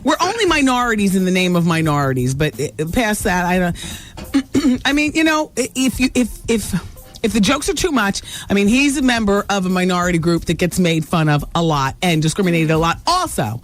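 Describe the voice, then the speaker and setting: A woman's voice: mid-range voice, animated, a little fast, soft background music. Blunt radio host woman. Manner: blunt, opinionated, teasing. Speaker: radio talk show host. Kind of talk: call-in radio talk.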